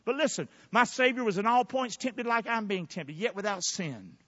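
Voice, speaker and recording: A man preaches with a high, bright, swooping voice that leaps up into loud bursts and then stretches words out slowly. He keeps calling on his congregation to answer him back. The sound is dry and a little dull, as on a modest lo-fi recording. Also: expressive, no echo. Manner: preaching with sudden loud bursts and drawn-out emphasis. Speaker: pastor. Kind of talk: fiery sermon with call-and-response.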